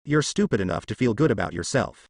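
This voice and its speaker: A man reading a storybook voices a calm young man who mocks and lectures his enemy. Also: on the low side, quick pace, creaky, dry recording, studio quality. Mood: scornful. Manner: mocking, lecturing. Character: calm mocking young man, coolly scornful.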